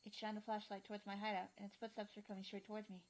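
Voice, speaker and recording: A woman's voice: medium pitch, completely flat delivery, fast, rough recording. A woman reading a horror visual novel aloud as intense first-person narration that climbs into anxious outbursts. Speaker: reader.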